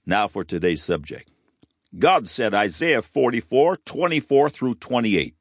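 A man's voice: medium pitch, sing-song, a little slow, no echo, clean studio sound. A man narrating a scripted sermon and reading scripture as host of a Bible program, in a solemn and dramatic way. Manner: solemn, dramatic delivery with falling phrase ends.

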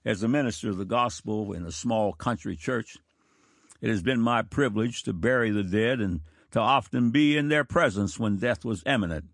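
A man in his fifties, a country church pastor, giving a sermon in a slow, deliberate and solemn manner. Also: fairly low pitch, dry recording, studio quality. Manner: slow, deliberate, solemn delivery with drawn-out words. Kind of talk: sermon reading of quotations.

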